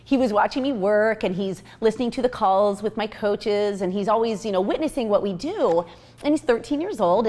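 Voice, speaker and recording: A woman in her thirties giving a casual, upbeat recruiting pitch as a team coach, chatty and full of fillers. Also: darkish tone.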